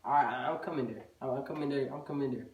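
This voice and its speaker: A man's voice: mid-range voice, fast, darkish tone, close to an everyday voice. A man voicing a stern, strict mother scolding her son, giving firm, clipped commands. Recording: echoey room, voice far from the mic.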